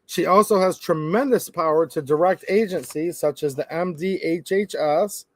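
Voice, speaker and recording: Dry, close-miked commentary host. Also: male voice, on the high side, normal speed, no room sound. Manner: animated, sarcastic asides, acts out quoted people. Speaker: gun-rights channel host. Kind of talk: opinionated commentary.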